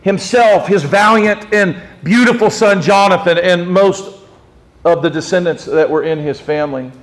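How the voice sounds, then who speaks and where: Animated high-voiced man preaching. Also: moderate pace. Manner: animated, swings from low to high and emphatic. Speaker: pastor. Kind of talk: sermon.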